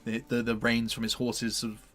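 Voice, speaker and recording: A man runs a tabletop game in a loose, rambling way, padding his narration with fillers and restarts. His voice sits at an ordinary middle pitch and stays easygoing throughout. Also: completely flat delivery, fairly quick, a bit bright. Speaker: game master.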